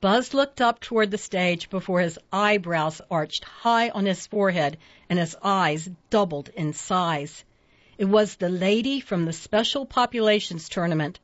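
A woman narrating a storybook at a steady pace, giving each character its own voice. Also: medium pitch, no room sound. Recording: dull lo-fi dry recording.

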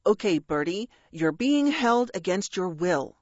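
A woman's voice: lowish voice, very animated, unhurried, darkish tone, dry recording, highs cut off. A woman voicing an earnest, bumbling young male dragon who speaks in a flustered, grandly heroic way in an audiobook reading.

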